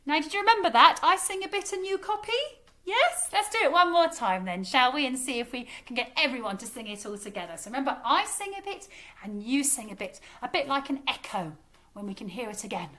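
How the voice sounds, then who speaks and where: A high, bright-toned woman with an English accent, leading children through warm-ups and songs. She talks in a cheerful, encouraging singsong, calling out actions and praising often. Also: animated, fairly quick. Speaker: music teacher. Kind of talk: leading a children's singing lesson.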